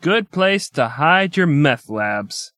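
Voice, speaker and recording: A man's voice: fairly high pitch, very animated, takes it slowly, fairly bright tone, dry recording, studio quality. A man co-hosting a casual comedy podcast, joking and swearing as he talks. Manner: jokey, swears, bursts into silly old-timey gangster voices. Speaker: podcast co-host.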